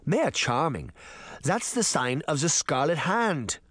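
A sharp old grandmother , put on by a male narrator, speaks in a high, lilting voice with a dry, sarcastic bite. The recording is close and dry, with no room sound. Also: sing-song, slow pace, dry recording, exaggerated voice. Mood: wry. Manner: sarcastic, lilting, raised falsetto.

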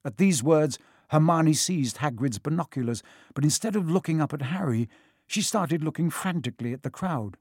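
A man narrating a children's storybook in a steady, expressive reading. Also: on the high side, normal speed, slightly rough, no echo, clean studio sound. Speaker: audiobook reader.

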